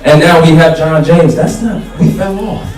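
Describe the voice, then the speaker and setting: A council candidate with a somewhat high, slightly mellow voice speaks at a moderate pace, delivering a fiery, plain-spoken campaign speech to a crowd. It's a community hall meet and greet, recorded in an echoey room from a distance with faint music in the background.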